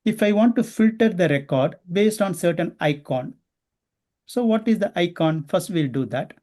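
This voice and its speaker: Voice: medium pitch, animated, moderate pace, a little mellow. Instructor, asks the class questions. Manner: explains step by step, often asking the class questions. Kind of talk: classroom teaching.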